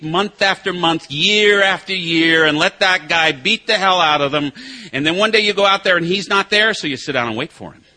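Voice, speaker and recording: Sharp in tone and sitting high, a middle-aged man's voice carries a personal recovery talk about his own drinking. He is a meeting speaker and sponsor, addressing the group sponsor-style with wry, self-mocking humor and punchlines.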